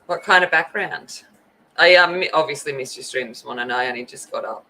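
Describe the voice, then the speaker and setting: A woman's voice: rumbling low, brisk, bright, forceful tone, slight background noise, poor audio. A woman hosting a coloring livestream, chatting casually and greeting viewers by name. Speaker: livestream host. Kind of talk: casual chat while coloring.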